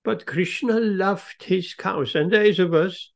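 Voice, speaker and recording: Slow, gravelly-voiced man telling a devotional story. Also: sits high. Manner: slow, emphatic, leans on key words. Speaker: speaker giving a lecture.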